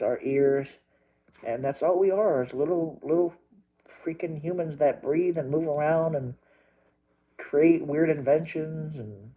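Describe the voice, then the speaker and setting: A man's voice: a little high, mellow, low-quality recording. A man talking straight to his viewers while crying, pleading and repeating himself, with plenty of swearing. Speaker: livestreamer. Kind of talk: emotional monologue to viewers.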